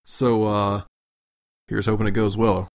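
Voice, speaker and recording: A man's voice: fairly low pitch, flat delivery, a little slow, creaky. A man co-hosting a casual gaming podcast, chatty and enthusiastic in fan banter. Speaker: podcast co-host.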